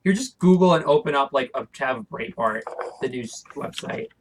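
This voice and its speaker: A young man co-hosting a casual political chat show, talking quickly with lots of fillers and restarts. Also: medium pitch, animated, slight background noise, low-quality recording. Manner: talks fast with many fillers and restarts. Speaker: podcast co-host.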